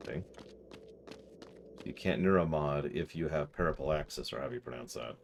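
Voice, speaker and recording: A man streaming a video game, joking with his chat in mock disbelief and getting excited. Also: rumbling low, a little fast, vocal fry, slight background noise. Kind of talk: casual live-stream commentary.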